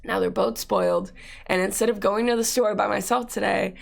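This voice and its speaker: A woman's voice: mid-range voice, fairly even intonation, moderate pace, gravelly. A young woman hosting a podcast, telling a story in casual chat, swearing freely and acting out quotes. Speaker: podcast host.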